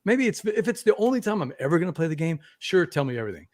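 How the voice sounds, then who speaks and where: A man hosting a casual live board-game show, talking in a relaxed, rambling way. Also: on the high side, racing. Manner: relaxed, rambling, frequent restarts. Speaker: podcast host.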